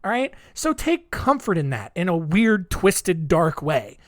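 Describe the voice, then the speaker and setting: A man's voice: sits high, very animated, normal speed, few pauses, fairly bright tone. Rambling male podcast host. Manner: rambling, many fillers and restarts. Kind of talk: casual solo podcast monologue.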